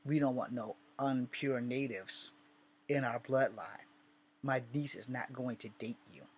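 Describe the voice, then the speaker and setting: A man voicing a stern, disapproving uncle who speaks slowly and flatly while retelling a story. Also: mid-range voice, slightly rough. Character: stern middle-aged male uncle, disapproving.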